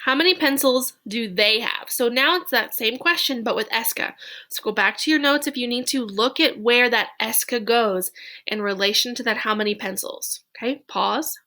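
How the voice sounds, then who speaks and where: A woman teaching a recorded French lesson. She reads French phrases slowly for dictation, then explains them in chatty, playful English. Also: a little high, pushed and bright.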